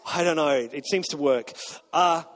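A man's voice: on the high side, a little slow. A man preaching a sermon as pastor, emphatic and repetitive, getting the congregation to repeat lines back. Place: church auditorium. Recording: long reverb of a large hall.

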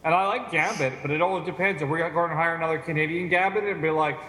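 A man's voice: on the high side, fast, pushed and bright. A man co-hosting a podcast, casual chat, rambling and asking questions. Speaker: podcast co-host. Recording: echoey room with long reverb, faint hum.

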